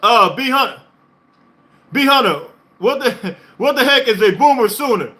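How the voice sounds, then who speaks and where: Socal guy hosting a sports reaction stream, real high voice, hyped and laughing a lot. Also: normal speed. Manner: excited, emphatic, repetitive; laughs often. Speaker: podcast host. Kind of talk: live-stream sports reaction, reading chat.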